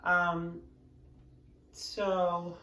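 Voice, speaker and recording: A woman's voice: on the low side, completely flat delivery, drawn-out words, sharp tone. A woman in her forties talking casually to camera as a yoga vlogger, frank and rambling, with many fillers and restarts. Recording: roomy sound from a distance with faint background noise.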